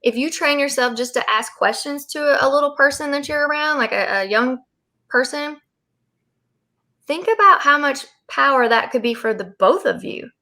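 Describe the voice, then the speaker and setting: Woman host rambling through parenting tips, bright voice kinda high. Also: normal speed. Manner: rambling, many fillers and restarts. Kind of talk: casual panel discussion.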